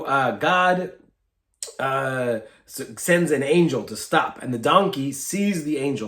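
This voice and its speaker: Animated man giving a short Torah talk. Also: fairly high pitch. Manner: animated retelling, informal with fillers. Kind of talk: short sermon, conversational storytelling. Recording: echoey room.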